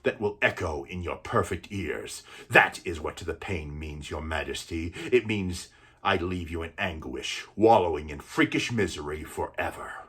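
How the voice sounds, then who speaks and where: A man's voice: deep voice, measured pace, a bit bright, slightly rough, voice pushed down, exaggerated voice. A man voicing a weak but defiant young male hero who taunts his enemy in a one-man film recital. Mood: taunting. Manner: taunting, scornful.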